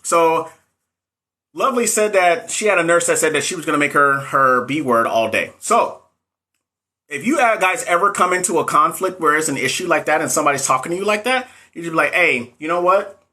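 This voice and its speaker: Bright-voiced man hosting a casual livestream. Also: fairly high pitch, brisk. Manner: animated, talks straight to viewers, blunt and profane. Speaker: livestream host giving nursing exam advice.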